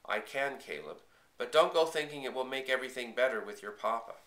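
A man voicing a worried older grandfather who speaks in a steady, firm and reassuring way. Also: mid-range voice, brisk, echoey room.

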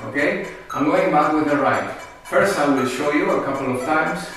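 A man's voice: a little high, normal speed, fairly bright tone. A man teaching a tango class, counting beats aloud and checking in with his students. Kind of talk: dance class instruction. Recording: echoey room from a distance with music. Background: metronome and faint music.

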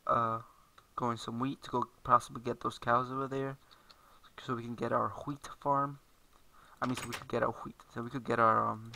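This gameplay commentator rambles through a casual let's-play at his computer, talking as he plays and correcting himself along the way. He has a creaky, mid-range voice with a sharp tone, and the audio quality is poor.

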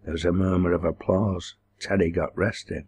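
A man reading a novel aloud in a measured, even narration. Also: low voice, breathy edge. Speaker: audiobook reader. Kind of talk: scripted narration.

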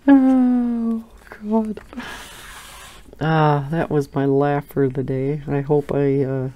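A woman's voice: rumbling low, fairly even intonation, slow, dull audio. A middle-aged woman hosting a coloring channel, chatting casually and telling stories with frequent laughter. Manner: chatty storytelling, laughs often. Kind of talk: casual chat while coloring.

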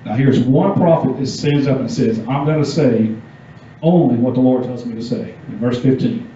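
A man's voice: mid-range voice, moderate pace, mellow, slight background noise. A man giving a youth sermon, reading scripture and asking the audience casual questions. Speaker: youth pastor. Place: church meeting room. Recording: echoey dull room sound from far off.

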